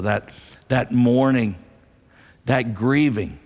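A male pastor preaches slowly in a gravelly voice, telling the story earnestly and repeating his key phrases. His voice rings with a long reverb through a church sanctuary. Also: on the high side, animated, fairly bright tone. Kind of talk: sermon. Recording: long reverb of a large hall.

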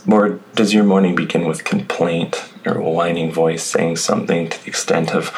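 A man with a very low voice preaches a sermon. He reads scripture aloud and then talks it over in an easy, conversational way. A faint hiss of noise sits behind him. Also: flat delivery, moderate pace, gravelly, few pauses, poor audio. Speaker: pastor.

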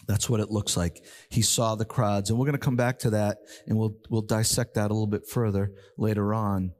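An older man preaching a sermon as pastor, emphatic, slowing down and repeating key words to drive them home. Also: lowish voice, flat delivery, a little mellow.

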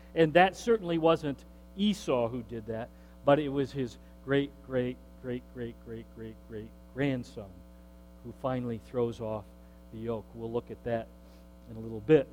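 A man's voice: fairly high pitch, a little mellow. A male pastor preaching a sermon, retelling scripture dramatically and acting out the characters in casual everyday voices. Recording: long hall reverb with mains hum.

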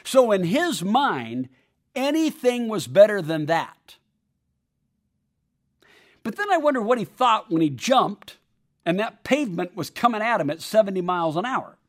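A man telling a personal story in a sermon-like way, acting out the voices of the people in it. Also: high voice. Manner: animated, acts out quoted voices.

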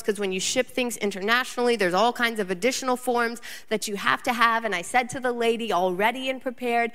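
Woman pastor preaching, kinda high voice, big echoey church hall, gets animated. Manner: animated, building to emphatic lists. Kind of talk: sermon with storytelling.

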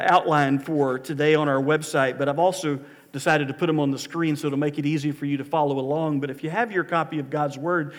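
Pastor, male, slightly higher voice, earnest and emphatic sermon delivery. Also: long reverb tail. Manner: earnest, inviting, emphatic preaching with rising peaks.

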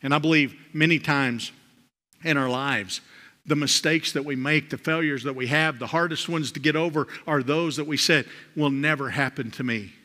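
A man preaching a sermon, swinging from loud, rising emphasis to soft, low drops. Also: fairly even intonation, normal speed. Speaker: pastor. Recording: long hall reverb.

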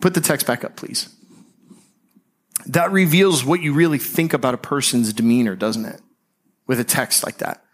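A man preaching a sermon as pastor, speaking conversationally and slowing and softening on key phrases. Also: medium pitch.

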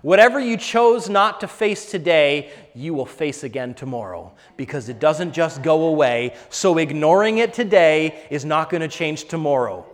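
A man preaching a sermon, moving between loud, fervent exhortation and soft, hushed storytelling. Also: on the high side, animated, moderate pace, few pauses. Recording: long hall reverb.

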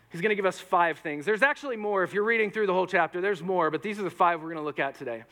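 A man preaching a sermon in a church, animated and joking, acting out quoted lines. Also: high-pitched, quick pace, hardly any pauses. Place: church hall with audience. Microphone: microphone.

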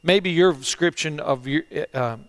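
A middle-aged man preaching a sermon as pastor, earnest and halting, often repeating phrases and swinging between loud and hushed delivery. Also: a little high. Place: church, online service.

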